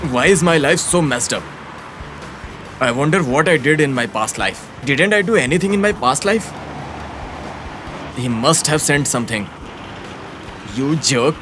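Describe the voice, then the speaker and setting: A man's voice: fairly high pitch, expressive, measured pace, pauses often, over music. A man voicing a fed-up office worker in a dubbed film, grumbling and easily confused. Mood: bewildered. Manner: grumbling, bewildered. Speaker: office employee turned hired agent.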